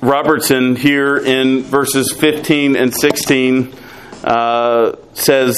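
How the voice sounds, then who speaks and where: Guy teaching a bible study, mid pitch, lots of uhs, slight hiss behind him. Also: flat delivery, poor audio. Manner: measured, frequent "uh" fillers, reads scripture aloud.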